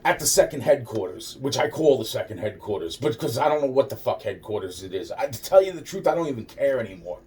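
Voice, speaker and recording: A man's voice: mid-range voice, very animated, fast, few pauses, a little mellow, distant mic. A man telling a rambling, profane personal story with sarcastic asides.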